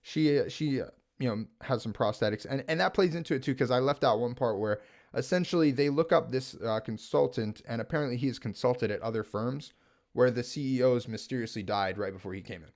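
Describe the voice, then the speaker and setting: Male home vlogger, casual and animated, loose rambling delivery with lots of fillers, average pitch. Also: a little fast. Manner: animated, rambling, filler-heavy with frequent "like" and "right?". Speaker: gaming video creator reviewing a TV series. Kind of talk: casual spoken recap and review.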